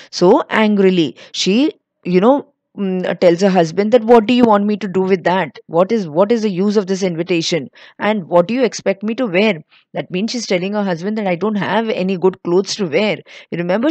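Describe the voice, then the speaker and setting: A woman's voice: mid-range voice, darkish tone, dry recording. Woman explaining a story. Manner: reads lines then explains word meanings. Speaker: teacher.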